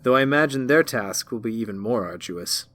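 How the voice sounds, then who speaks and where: A man voicing a cryptic, bored black cat that talks in a slow, quiet, sardonic drawl. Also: medium pitch, expressive, faint music behind, close to an everyday voice.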